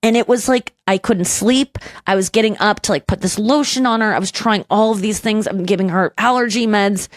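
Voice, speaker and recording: Young woman podcast host, rambling emotional storyteller, mid pitch, dry close studio mic. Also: fairly quick, hardly any pauses, no room sound. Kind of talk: casual chat.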